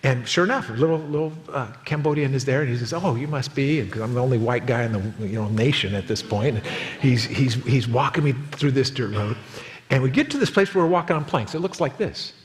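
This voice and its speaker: A man in his fifties preaching a sermon as pastor, telling a story with lively acted quotes. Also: mid-range voice, brisk, in a large hall. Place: church auditorium.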